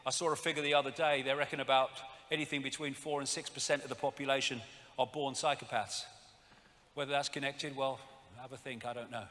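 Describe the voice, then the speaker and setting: A male public speaker lectures from a stage with a high, bright, cutting voice, ranting sarcastically and swearing often. His words ring out in a long hall reverb, with a faint crowd audible behind him.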